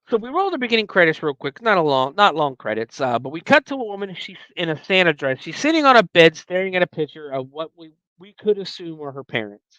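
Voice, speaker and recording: A man hosts a podcast and recaps a movie in a loose, rambling way. He corrects himself often and acts out the characters' lines. His smooth voice sits a little high, and the close mic keeps the sound dry. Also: a little fast, no echo, dull audio. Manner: rambling, animated, frequent fillers and self-corrections. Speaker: podcast host.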